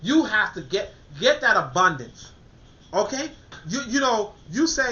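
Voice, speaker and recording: A man's voice: extremely high pitch, sing-song, fairly quick, bright, forceful tone. A man hosting a podcast in casual motivational talk, emphatic and repetitive, full of fillers and restarts. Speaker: podcast host. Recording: dull lo-fi recording.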